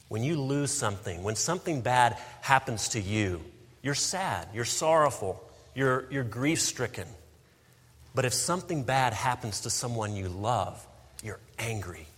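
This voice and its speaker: A male preacher delivering a sermon in a slightly husky voice, his words ringing out with a long reverb, as in a large church hall. He swings between quiet, slowed pauses and loud, emphatic peaks. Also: medium pitch. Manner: preaching with rising emphatic bursts and slow weighty pauses.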